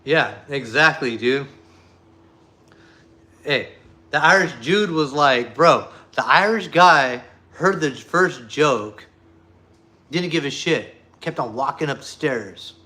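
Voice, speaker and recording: A man with a bright, forceful voice chats casually with his viewers. He rambles through a story, swearing often and stumbling over filler words. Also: on the high side, animated, slow pace. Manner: profane, rambling, full of fillers. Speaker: streamer talking to viewers. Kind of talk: casual chat and joke telling.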